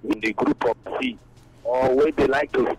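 A Nigerian man calling a radio show, speaking Pidgin in a rambling, excited way. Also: medium pitch, moderate pace, faint music behind. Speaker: radio caller. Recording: faint noisy phone line.

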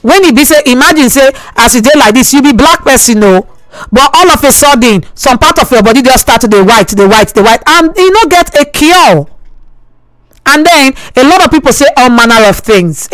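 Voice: sits high, a bit bright, no echo, rough recording. A radio presenter with a Nigerian accent, giving a preachy, pleading talk monologue on air and mixing Pidgin with English.

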